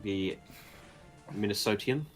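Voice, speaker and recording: A man's voice: lowish voice, slow, faint music behind. A man with an English accent co-hosting a game stream, rambling and joking in casual banter.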